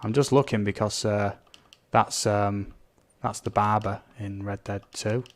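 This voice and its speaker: A man's voice: on the low side, fairly even intonation, a little slow. A man chatting casually as he streams a game, reading out viewer comments and blurting out little sound effects. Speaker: gaming live streamer.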